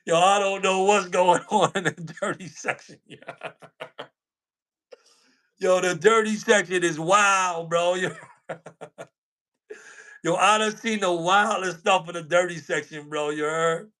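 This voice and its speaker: High-voiced New man, slangy. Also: steady tone, measured pace, pauses often, fairly bright tone. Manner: slangy, laughs often, repeats himself. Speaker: co-host. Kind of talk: casual livestream chat.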